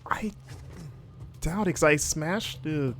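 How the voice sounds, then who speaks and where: A man's voice: fairly high pitch, takes it slowly, fairly bright tone, faint music behind. A man hosting a game livestream, chatting casually and joking while narrating his own play. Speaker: game-playing host. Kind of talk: casual livestream gameplay commentary.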